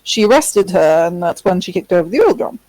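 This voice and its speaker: A woman chatting casually with friends while playing a game, unhurried and full of fillers. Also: fairly low pitch, very animated, a little mellow, a little hiss or hum, poor audio. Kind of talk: casual let's-play chat.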